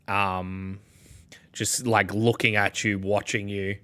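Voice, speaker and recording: A man with an Australian accent narrating as game master, slow and full of fillers. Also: lowish voice, level tone, bright, forceful tone, smooth. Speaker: dungeon master.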